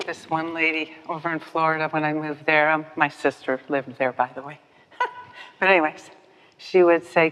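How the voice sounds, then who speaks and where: Older woman recovery-meeting speaker, lively and self-mocking, pitched a bit low, dull lo-fi sound. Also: normal speed. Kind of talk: personal storytelling talk. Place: meeting hall with podium. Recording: dull, echoey hall recording.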